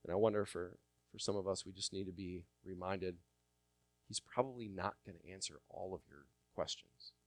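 A male pastor preaching a sermon, repeating key phrases with force and then dropping to quiet, close asides. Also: low-pitched, moderate pace, no echo. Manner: swings from loud emphatic repetition to quiet intimate asides.

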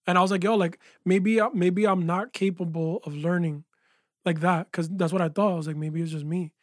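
A man, a music producer and engineer, telling his story in a casual interview with animated energy, saying "yo" and "like" a lot. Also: high voice, a little fast, no room sound, studio quality. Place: small recording studio.

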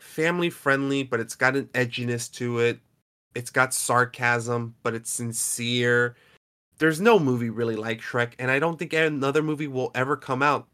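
A man's voice: medium pitch, fairly bright tone. A man co-hosting a podcast, talking casually and animatedly about a film and swearing now and then. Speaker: podcast co-host. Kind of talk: casual movie discussion.

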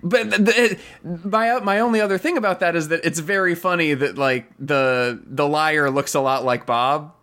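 A podcast co-host in casual chat, joking with quick asides and laughing often. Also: mid-range voice, a bit bright.

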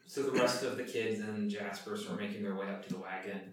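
A man's voice: fairly low pitch, steady tone, fairly quick. Man narrating a game in an echoey room. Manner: loose, rambling narration with fillers. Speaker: game master. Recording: echoey room, mic far off.

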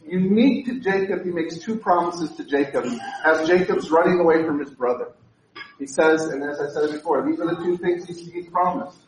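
A male pastor preaching a lively sermon, full of joking asides and repeated words. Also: a little high, normal speed, distant mic, slight background noise. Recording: echoey room, speaker away from mic.

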